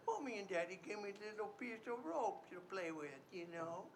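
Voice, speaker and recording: Man playing a high-voiced ornery little brat, boastful and giggly, stage comedy bit. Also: expressive, normal speed, slight background noise. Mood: impish. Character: mean ornery little boy, mischievous and cheeky.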